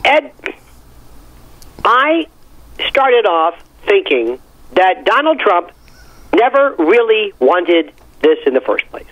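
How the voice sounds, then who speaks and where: A man's voice: high-pitched, very animated, takes it slowly, pauses often, fairly bright tone, dry recording, rough recording. A man giving wry, emphatic media commentary, telling stories with theatrical flair. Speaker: legal and media analyst. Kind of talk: opinionated commentary, animated storytelling.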